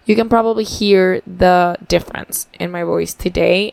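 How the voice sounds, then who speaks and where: A woman's voice: fairly low pitch, steady tone, normal speed, vocal fry, darkish tone, no room sound. A young woman from Paraguay talking in a casual video diary, chatty and upbeat, swearing freely. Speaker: vlogger.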